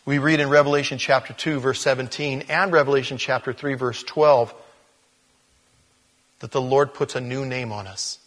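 Husky-voiced man preaching in a hall. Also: medium pitch, normal speed. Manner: animated, shifts emphasis dramatically, sudden loud rises. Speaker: pastor. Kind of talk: expository sermon. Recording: long reverb of a large hall.

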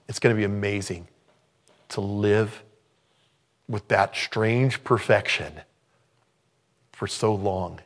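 Gravelly man in his sixties preaching. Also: low-pitched. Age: 60s. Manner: animated, swings between loud exclamations and hushed tones. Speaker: pastor. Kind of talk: informal sermon.

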